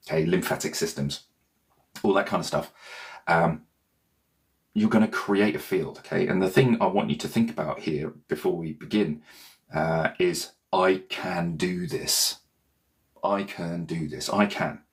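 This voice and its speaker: A man, a meditation teacher and author, talking casually and loosely to viewers, often checking in with "okay?". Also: low voice. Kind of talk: casual rambling talk to viewers.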